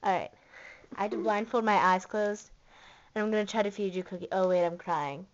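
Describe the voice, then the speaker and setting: A woman's voice: medium pitch, steady tone, fast, muffled recording. A woman vlogging casually and teasing her pet, playful and full of laughs and fillers. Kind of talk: casual vlog talking to a pet.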